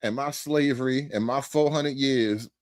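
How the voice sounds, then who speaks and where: A man doing sarcastic comedic reaction commentary, mock-preaching and swinging between loud outbursts and hushed asides. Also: medium pitch, unhurried, dry recording, studio quality.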